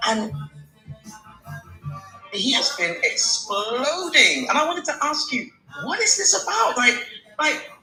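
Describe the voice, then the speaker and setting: A woman in her forties on a live call, recounting a painful personal story in a halting way, repeating and restarting words. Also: high voice, very animated, pushed and bright, roomy sound, soft background music, low-quality recording. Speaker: caller sharing her story.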